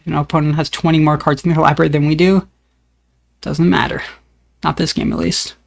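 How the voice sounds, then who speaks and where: A man giving casual commentary on his own card game, thinking aloud about each play in a relaxed, upbeat way. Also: on the high side, a little fast, vocal fry.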